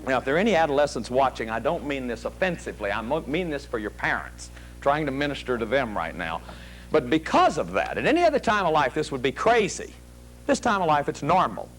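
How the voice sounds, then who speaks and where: Lively, animated middle-aged male lecturer. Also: medium pitch, brisk, a little hiss or hum. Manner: animated, storytelling, acts out quoted voices. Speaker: psychologist and lecturer. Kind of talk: televised lecture to a studio audience. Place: studio with an audience.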